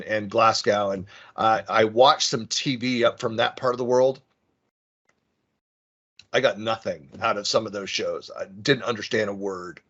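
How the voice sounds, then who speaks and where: A conference speaker from the San Francisco Bay Area, with a Western US accent, gives an online presentation in a mid-range, slightly bright voice. He rambles and is self-deprecating, with many fillers and restarts, over a lo-fi video call mic.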